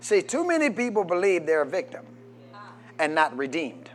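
A man preaching a sermon, reading scripture and rising into shouted call-and-response with the congregation. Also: on the high side, very animated, normal speed.

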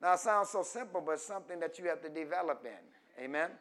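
A man pastor preaching a call-and-response sermon, asking the congregation questions and stretching key words slowly for emphasis. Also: fairly high pitch. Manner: rises from quiet teaching to loud emphatic preaching.

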